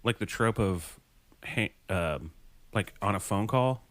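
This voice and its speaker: A man's voice: fairly low pitch, slow pace, fairly bright tone, no room sound. A man in a casual podcast chat, musing aloud and restarting his thoughts mid-sentence.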